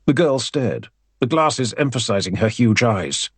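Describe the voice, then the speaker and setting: A male audiobook narrator with a wry, expressive way of telling the story. His slightly husky voice rises and falls a lot, and the recording is dry and close. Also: medium pitch, a little slow, dry recording.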